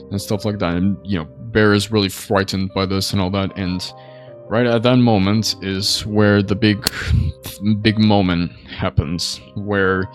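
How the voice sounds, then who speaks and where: A man with a deep, low voice talks through a movie in a loose, rambling way, leaning on "you know" and "like." He gets noticeably excitable when he describes the scary scenes. Soft background music plays faintly under his voice. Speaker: movie reviewer. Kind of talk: casual spoken movie review.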